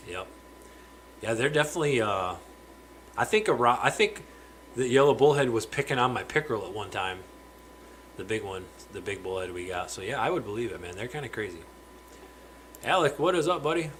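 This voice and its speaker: A man's voice: fairly low pitch, a bit bright, a little hiss or hum, low-quality recording. A man hosting a casual live stream from his fish room, chatting freely, greeting viewers by name and stumbling over words now and then. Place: home fish room with aquariums.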